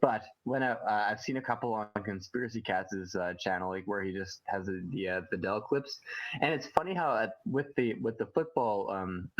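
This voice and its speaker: Animated swearing man in casual chat. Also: fairly low pitch, moderate pace, poor audio. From Canada. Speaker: co-host.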